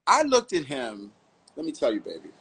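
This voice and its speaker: A man from Harlem, New York, telling stories as a fashion model guest in an interview, animated and full of vivid asides. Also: mid-range voice, moderate pace, vocal fry, breathy edge, low-quality recording. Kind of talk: storytelling interview answers.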